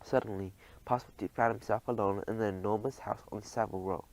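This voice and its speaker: Man gently narrating a storybook. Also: on the low side, fairly even intonation, fast talker, rough recording. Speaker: audiobook narrator.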